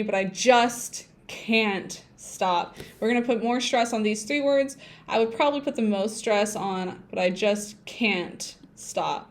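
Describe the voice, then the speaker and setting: High-voiced woman teaching English online. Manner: hums and sings to herself while typing. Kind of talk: livestreamed language lesson.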